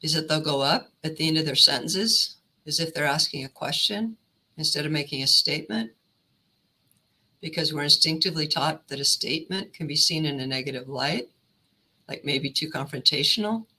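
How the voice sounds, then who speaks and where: A woman career counselor giving a steady, instructive presentation on negotiating. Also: low-pitched, moderate pace, rough recording.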